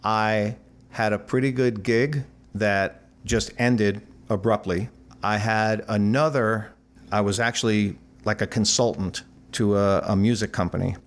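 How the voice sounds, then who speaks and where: Older male musician guest, animated storyteller who acts out the people in his anecdotes. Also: lowish voice, a little slow. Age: 60s. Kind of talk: storytelling interview.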